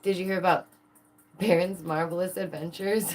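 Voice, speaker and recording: Woman vlogger, low-ish voice, casual and excitable, rhetorical questions, quick laughs. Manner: excitable, asks viewers many rhetorical questions, laughs often. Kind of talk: casual chat to camera.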